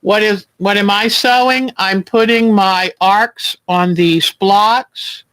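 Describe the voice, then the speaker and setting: A man hosting a quilting livestream, chatting gently and reassuringly while he sews at home. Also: high voice, steady tone, slow pace, clean tone, dry recording, low-quality recording. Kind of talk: casual chat while sewing.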